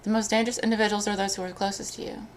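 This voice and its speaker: A woman chats on her live stream, talking through something painful. Her speech comes haltingly, full of restarts and trailing thoughts, at a moderate everyday pitch. Faint noise hums behind her. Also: little pitch movement. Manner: emotional, halting, frequent restarts. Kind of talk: casual live-stream chat.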